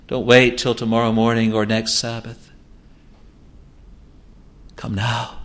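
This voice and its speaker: A man's voice: medium pitch, flat delivery, slow, long pauses, a bit bright. A male preacher delivering an evangelistic sermon with earnest, pleading appeals.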